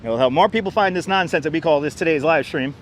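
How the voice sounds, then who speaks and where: A man's voice: fairly high pitch, fast talker, a little hiss or hum, low-quality recording. Sarcastic man chatting on a street livestream. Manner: sarcastic, chatty, answers viewers by name. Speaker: livestream host. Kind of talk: casual walking livestream chat. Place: outdoors on a city street. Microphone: wireless clip-on mic.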